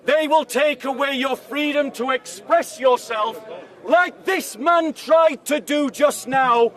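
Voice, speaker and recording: Man, very high voice, street speaker shouting to a crowd, heard from a distance outdoors. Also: slow. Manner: shouts repeated accusing questions to a crowd. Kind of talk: open-air debate speech. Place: outdoor park speaking area. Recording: distant mic, crowd around.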